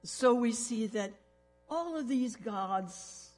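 A woman's voice: on the high side, animated, takes it slowly, a little mellow, faint music behind. A woman preaching, retelling a testimony with dramatic, acted-out quotes. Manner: dramatic storytelling, acts out quoted speech.

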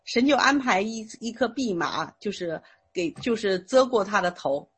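A woman with a very husky voice of middle pitch interprets a sermon phrase by phrase. She speaks steadily and sometimes pauses to rephrase with small fillers. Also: expressive, fairly bright tone.

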